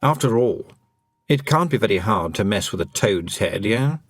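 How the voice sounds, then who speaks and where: A man's voice: on the low side, lively intonation, moderate pace, dry recording, studio quality. Man as a rambling anxious toad. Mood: musing. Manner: musing, rambling, rhetorical questions. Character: anxious brooding talking toad, male, rambling.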